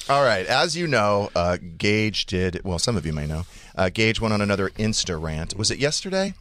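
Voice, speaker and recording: A man hosting a talk show, lively and joking with his guests. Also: on the low side, normal speed, hardly any pauses, slight background noise. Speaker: radio host. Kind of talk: morning radio talk.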